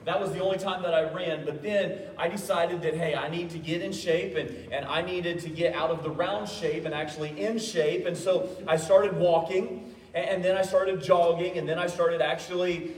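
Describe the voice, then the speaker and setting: This pastor's voice is a little high and fairly even in intonation, moving at normal speed as he preaches with self-deprecating humor, often stammering into restarts. Heard from a distance in an echoey church hall, the audio carries a slight hiss or hum.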